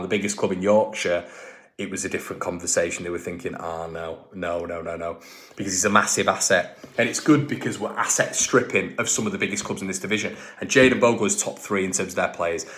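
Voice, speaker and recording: A man hosts a football fan channel in a loose, casual ramble, pressing his points hard and circling back with repeats and restarts. His voice sits on the low side. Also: a bit bright. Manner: chatty, emphatic, repeats himself, many restarts.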